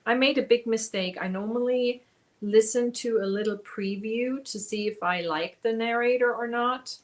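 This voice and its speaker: A woman's voice: a little high, moderate pace. Chatty woman livestream host. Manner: chatty, animated, reads out viewer names and answers them. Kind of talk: casual chat with live chat while crocheting.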